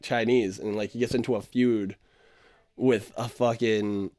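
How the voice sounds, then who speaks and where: A man's voice: fairly low pitch, fairly even intonation, a little slow, darkish tone. Young man, laughing and swearing in casual chat. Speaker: podcast co-host.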